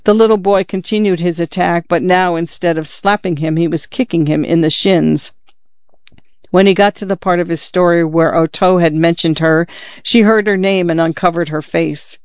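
A man reading a novel aloud as narrator, in steady, measured storytelling, in a dull lo-fi recording. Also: fairly high pitch, clear, resonant tone, no echo. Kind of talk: audiobook narration.

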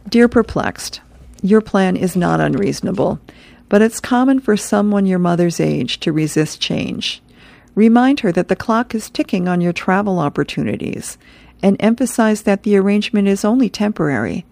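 A woman radio host reading an advice column and comic strips, with a chuckling, relaxed manner. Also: medium pitch, normal speed, gravelly, no echo.

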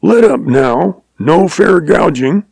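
A man doing a quick-witted young cowboy in a storybook reading, folksy and easygoing as he spins his tale. The tone is mellow and close in a dry room. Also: mid-range voice, animated, no echo. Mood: indignant.

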